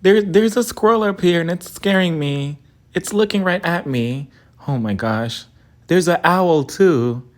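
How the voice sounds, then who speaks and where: A woman's voice: fairly low pitch, lively intonation, a little slow. A woman voicing a panicky woman stuck up in a tree, calling out and pleading for help. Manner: pleading, jumpy.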